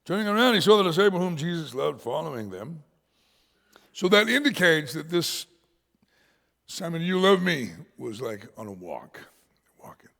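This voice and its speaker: A male pastor preaching a sermon, swinging from shouts to whispers and laughing often. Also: a little high, big pitch swings, normal speed, gravelly, long pauses, long reverb tail. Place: church sanctuary.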